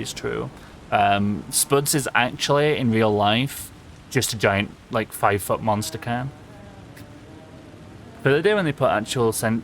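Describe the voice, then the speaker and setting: A man's voice: mid-range voice, fairly bright tone, slight background noise. A young man with a Yorkshire accent, chatting casually with viewers while streaming a game, rambling and swearing freely. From England. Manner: rambling, laughs often, swears, answers chat. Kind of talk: casual live-stream chat while gaming.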